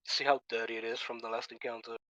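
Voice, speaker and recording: A man's voice: mid-range voice, flat delivery, fast talker, sharp tone, poor audio. A man playing a tabletop game, talking casually in a laid-back way. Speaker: player.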